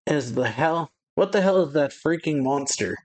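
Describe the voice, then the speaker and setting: A man reading out the lines of a loud, blunt old navy officer. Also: fairly high pitch, animated, normal speed, voice pushed up, close to an everyday voice. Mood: gruff.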